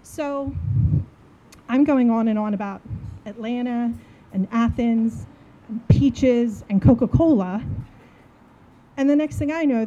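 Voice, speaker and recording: A woman in her forties from New Jersey, telling a funny story in a casual, animated way and acting out the dialogue. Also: a little high, dull audio. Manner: animated, acts out dialogue, laughs while telling.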